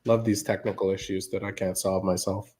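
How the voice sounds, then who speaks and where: A male reporter on a video call, chatting in a relaxed, joking way. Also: deep voice, a little fast, slightly rough. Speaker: guest reporter. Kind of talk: casual chat over a video call.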